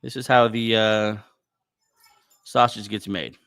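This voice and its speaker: A man's voice: lowish voice, fairly even intonation, slow pace, fairly bright tone, smooth. A man hosting a casual livestream podcast, chatting in a rambling way with lots of fillers and restarts. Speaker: podcast host.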